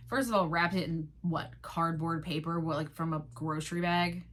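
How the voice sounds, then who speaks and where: A young woman talks through a TV episode on her own podcast, dry and sarcastic, swearing freely. She slips into quick mocking voices for the characters, and her speaking voice sits on the low side for a woman. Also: fairly even intonation, fairly bright tone, a little hiss or hum. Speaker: podcast host. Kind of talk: casual solo recap chat.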